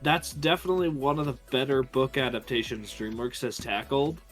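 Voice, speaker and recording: A man in a casual podcast-style chat, calmly explaining bits of trivia with some hesitation. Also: medium pitch, fairly quick, soft background music. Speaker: podcast guest.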